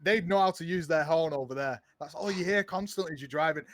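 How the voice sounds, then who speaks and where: A man's voice: on the high side, quick pace, a bit bright, no room sound. A man guesting on a casual livestream chat, telling rambling stories and swearing casually.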